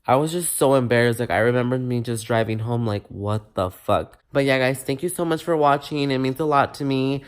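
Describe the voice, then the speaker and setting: Young male vlogger, mid-pitched voice, animated and profane storytelling, slips in Spanish words. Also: a little fast, few pauses, clean tone. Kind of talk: casual storytime to camera.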